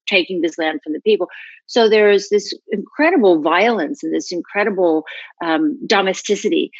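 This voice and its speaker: A middle-aged American actress talking casually in an interview, animated, often laughing and trailing off into asides. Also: female voice, fairly low pitch, dry recording, dull audio. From United States. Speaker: actor guest.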